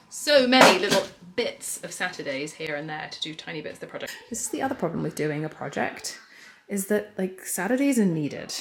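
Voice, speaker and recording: A woman in her thirties chatting casually to camera at home in a family vlog, reflective and talkative, with soft laughs. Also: medium pitch, slight background noise. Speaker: family vlogger.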